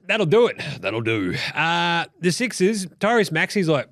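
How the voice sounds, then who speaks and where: A young Australian man hosting a casual sports recap, sweary, excitable and jokey. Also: a little high, moderate pace, few pauses, dry recording, studio quality. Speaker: host.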